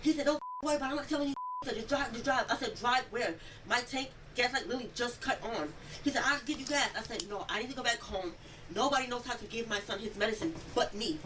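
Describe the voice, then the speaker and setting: A young woman recounting an incident in an interview, telling it in a rambling, animated way and acting out the quoted speech. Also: on the high side, fast. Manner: animated storytelling, acts out quoted speech, many "like" fillers. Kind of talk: rambling first-person account. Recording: distant mic, noisy room audio.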